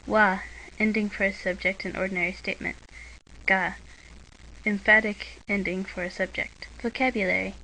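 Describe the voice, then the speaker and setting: A woman reading a scripted language lesson, slipping dry sarcastic asides into the drills in a deadpan manner. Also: medium pitch, slight background noise, low-quality recording.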